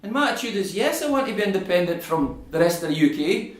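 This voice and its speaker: A middle-aged Scottish man addresses a room, animated and argumentative. His voice sits a little high for a man. The sound bounces around an echoey community hall. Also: fast talker. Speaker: invited political speaker. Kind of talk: public talk answering audience questions.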